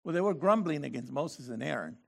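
A man preaching a sermon, reading scripture slowly and then breaking into loud, animated exclamations. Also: a little high, vocal fry.

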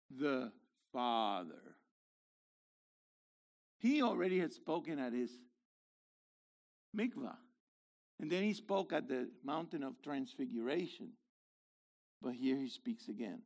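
A man in his seventies delivers a sermon in a high, gravelly voice, unhurried yet wildly animated in pitch. He drops to worn murmurs, then bursts into shouted exclamations. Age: 70s. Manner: fiery, swings from low murmurs to shouted exclamations. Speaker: messianic rabbi.

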